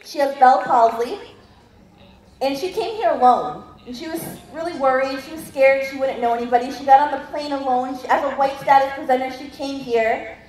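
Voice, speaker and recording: A woman's voice: high voice, moderate pace, a little mellow, far from the mic. A woman giving a motivational stage talk at a large event, speaking in an effusive, gushing way. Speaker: keynote speaker. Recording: echoey hall from afar with crowd.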